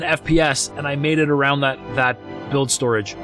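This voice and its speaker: A man's voice: mid-range voice, brisk, hardly any pauses, music in the background. Chatty male game streamer. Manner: chatty, self-deprecating, cheers small wins. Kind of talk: live gameplay commentary.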